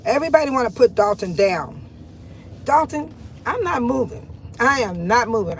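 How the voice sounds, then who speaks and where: A woman from California talking in a casual vlog, chatty and animated, laughing often. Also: a little high, normal speed, slight background noise. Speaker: vlogger. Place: outdoors and in a car.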